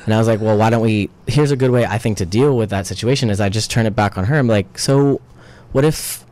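Man, lowish voice, casual rambling talk, lots of "you know". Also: fairly quick, a little mellow. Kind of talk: casual conversation.

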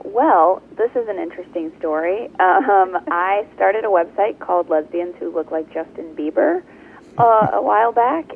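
A woman, an author, answering interview questions in a chatty way with many fillers, heard over a phone line. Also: lowish voice. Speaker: book author and interview guest. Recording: tinny phone line with faint hiss.

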